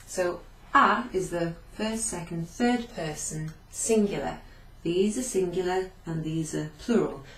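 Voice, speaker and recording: Slow, patient woman teacher in an echoey room. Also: on the low side. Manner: patient, explains slowly and repeats phrases; writes on a board while talking, turning away at times. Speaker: language teacher. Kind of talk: recap of a beginner Italian class. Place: classroom-like room with a whiteboard. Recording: echoey room, faint background hum.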